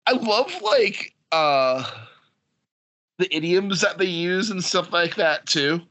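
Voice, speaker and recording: A man's voice: sits high, animated, slow pace, sharp tone. A man co-hosting a podcast, chatting about a book in a laid-back, loose way. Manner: laid-back, laughing often, loose with words. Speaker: podcast co-host. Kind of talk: casual chat about books.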